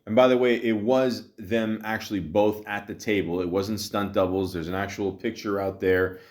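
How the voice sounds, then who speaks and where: Steady in tone, slightly mellow and on the low side, this man talks at normal speed as a solo podcast host. Half Italian and half Greek, he discusses a movie in a loose, joking ramble full of profanity, fillers and restarts.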